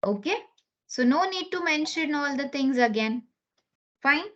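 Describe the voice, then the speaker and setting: A woman's voice: sits high, animated, a little slow, a bit bright. A woman teaching an online class, explaining step by step and often checking in with "okay?". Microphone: computer mic on a video call. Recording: lo-fi online meeting recording.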